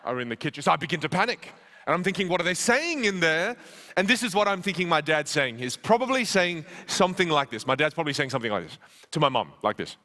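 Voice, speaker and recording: Male keynote speaker, thirties, comic storyteller, bright forceful voice, a bit high for a man. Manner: animated, self-mocking, with quick restarts. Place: conference stage.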